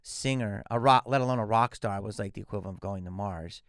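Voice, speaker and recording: Gravelly man in his fifties telling stories. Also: lowish voice, fast talker, no room sound, studio quality. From Philadelphia area, USA. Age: 50s. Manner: animated, acts out quoted dialogue. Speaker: guest actor. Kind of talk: casual podcast storytelling.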